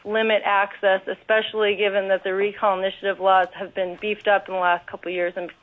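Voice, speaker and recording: A woman's voice: medium pitch, level tone, brisk. Woman testifying over the phone, earnest, lots of ums, tinny phone line. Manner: earnest, careful, with many ums. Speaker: public testifier. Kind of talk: testimony at a legislative hearing. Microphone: telephone.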